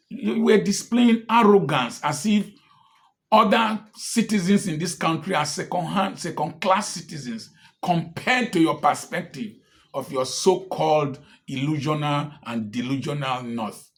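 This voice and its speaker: A man delivering impassioned political commentary in a fairly high voice. He speaks slowly and deliberately, hammering home one rhetorical question after another. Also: a bit bright. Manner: repeated pointed rhetorical questions.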